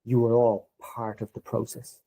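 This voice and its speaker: A man's voice: medium pitch, normal speed, rough recording. A middle-aged man, a podcast guest, telling workplace stories in casual conversation and acting out the dialogue in a lifted voice. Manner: animated, acts out quoted dialogue in a raised voice.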